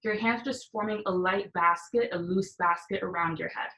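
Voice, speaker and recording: A woman's voice: on the low side, moderate pace, sharp tone. A young adult woman leading an online yoga class, cueing breaths and poses in an encouraging way. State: out of breath at times. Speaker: yoga instructor.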